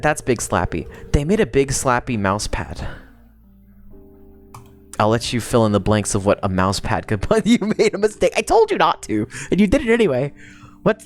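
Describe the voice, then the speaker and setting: Animated, rambling young woman streamer. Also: extremely low pitch. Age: young adult. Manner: rambling, profane, quick to laugh. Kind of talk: casual livestream chat.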